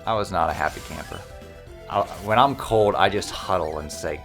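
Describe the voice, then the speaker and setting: A man's voice: deep voice, moderate pace, vocal fry, fairly bright tone, faint music behind. A man hosting a video game playthrough, explaining the game in casual, jokey banter. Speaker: let's play host.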